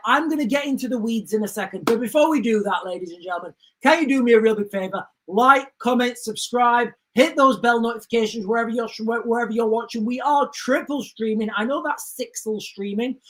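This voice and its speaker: A woman hosting a livestream, speaking urgently and emphatically and constantly calling out to viewers. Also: fairly high pitch. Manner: urgent, emphatic, keeps addressing viewers as guys. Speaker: livestream host. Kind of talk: livestream commentary.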